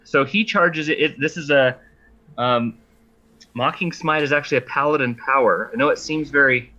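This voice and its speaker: A male player talks through his attack in a casual, halting way, full of small restarts. His voice is bright and a bit sharp. The sound is dull and lo-fi, as if from a cheap mic. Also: mid-range voice. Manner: hesitant, with many fillers and restarts while describing his move. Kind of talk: casual play at a tabletop game.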